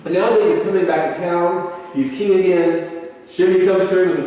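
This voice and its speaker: Recorded from a distant mic in an echoey church meeting room, a man with a high, mellow voice teaches a conversational Bible lesson at a moderate pace. He retells the stories loosely, often hesitating and restarting.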